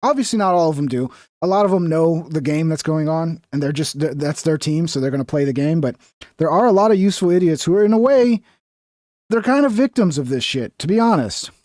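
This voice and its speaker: Male streamer, high voice, dry sound; blunt, profane, rambling. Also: animated, a little fast, a little mellow, dry recording. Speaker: livestream host. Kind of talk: casual livestream commentary.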